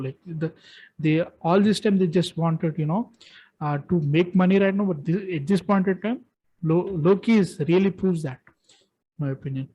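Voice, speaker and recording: A man in casual chat, giving excited, rambling opinions with frequent restarts as he ranks films. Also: high voice, normal speed, husky, highs cut off. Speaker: co-host ranking films.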